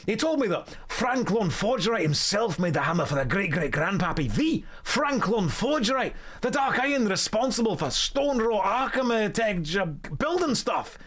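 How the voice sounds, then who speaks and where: A man's voice: high-pitched, very animated, moderate pace, hardly any pauses, a bit bright, pitched above the performer's own voice, heavily acted. A man putting on a boastful Scottish dwarf. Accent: put-on Scottish. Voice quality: rolling brogue, folksy, rambling. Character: boastful rambling male dwarf storyteller. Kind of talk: reading game quest dialogue aloud.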